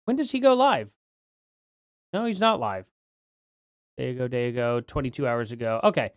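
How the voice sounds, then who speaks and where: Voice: mid-range voice, expressive, moderate pace, no room sound, studio quality. A livestream host chatting casually from home, rambling and correcting themself while reading out donations. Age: adult parent.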